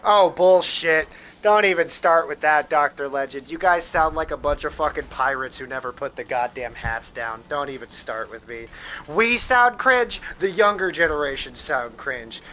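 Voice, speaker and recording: A man's voice: fairly high pitch, moderate pace, few pauses, sharp tone, poor audio. An American man rambling profanely in casual chat while live-streaming a game, full of restarts. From United States.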